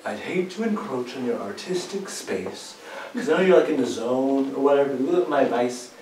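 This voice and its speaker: A man voicing a laid-back talking female dog, speaking in an offhand, casual and hushed way during a poetry recitation. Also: medium pitch, lively intonation, a little fast, soft background music, natural voice. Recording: echoey hall, distant mic.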